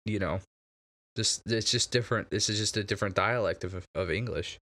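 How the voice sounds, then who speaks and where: Halting man in casual chat. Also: fairly low pitch, sharp tone. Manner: halting, many restarts and fillers.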